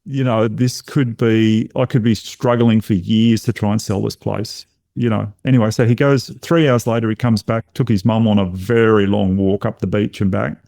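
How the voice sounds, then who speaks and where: A middle-aged man, a podcast guest telling a personal story in a lively way and acting out what others said. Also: fairly low pitch, normal speed, gravelly, few pauses, no room sound, studio quality. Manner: animated storyteller who acts out other people's lines. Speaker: podcast guest, intuition coach.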